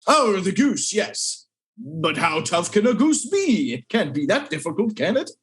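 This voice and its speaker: A man's voice: sits high, sing-song, a little slow, a bit bright, breathy edge. A man playing a character in a tabletop game, speaking in a formal, theatrical way. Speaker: player. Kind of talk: in-character tabletop role-play.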